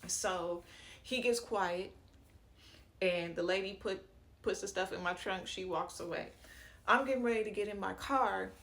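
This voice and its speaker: A woman's voice: mid-range voice, unhurried, long pauses, a bit bright. A woman telling a personal story to her viewers in a chatty, slangy way, stopping for fillers and asides and acting out what people said. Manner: chatty and slangy, acts out quoted dialogue. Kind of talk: casual storytime narration.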